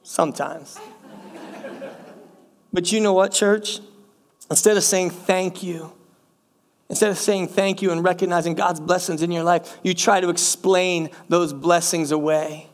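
A man's voice: sits high, steady tone, unhurried, pauses often. A middle-aged male pastor preaching a sermon, calling the congregation "church" and repeating phrases for emphasis. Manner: speaks directly to the congregation as church.

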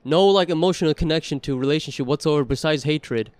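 A man telling a story in a casual podcast chat, animated and profane. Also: on the high side, quick pace, dry recording.

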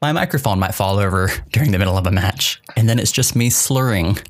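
A man's voice: lowish voice, animated, fairly quick. A young man co-hosting a podcast in casual chat, laughing often and rambling with restarts. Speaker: podcast co-host.

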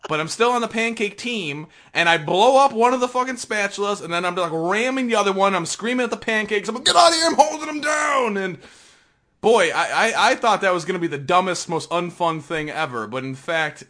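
A man's voice: high voice, brisk, few pauses, pushed and bright. A man co-hosting a podcast, talking casually and at length about video games, swearing freely, restarting sentences and laughing often. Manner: rambling, profane, laughs often, many restarts. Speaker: podcast co-host. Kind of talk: casual gaming chat.

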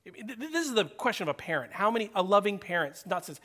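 A man preaching a sermon as a pastor, animated, rising to loud urging and dropping to a hushed near-whisper, acting out quoted voices and putting questions to the room. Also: high-pitched, fast talker.

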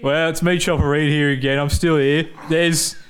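A man's voice: fairly high pitch, level tone, moderate pace, close to an everyday voice. A man with an Australian accent playing a crude, violent criminal in improvised comedy, swearing constantly and swaggering. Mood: brash. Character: brash, violent male Australian criminal, tough-talking. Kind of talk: improvised comedy role-play.

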